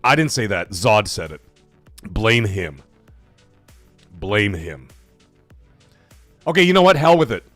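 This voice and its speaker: A man's voice: fairly low pitch, takes it slowly, long pauses, no echo, soft background music. A man hosting a gaming livestream, energetically reading out and reacting to chat messages. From Canada. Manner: energetic, hyped, reads chat messages aloud. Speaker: livestream host.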